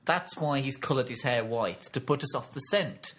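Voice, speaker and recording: A man's voice: medium pitch, moderate pace, a bit bright. A man in casual comedic chat, playful and theatrical, often breaking into mock outrage.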